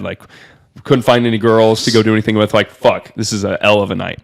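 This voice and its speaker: A young man from Miami telling a rambling party story on a podcast, excitable, with a lot of filler "like". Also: on the low side, a little fast. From Miami, USA. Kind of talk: casual storytelling.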